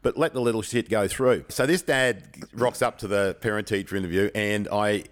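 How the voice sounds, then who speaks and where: Middle-aged male teacher co-host, lower voice, frank and animated storyteller. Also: normal speed. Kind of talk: casual chat.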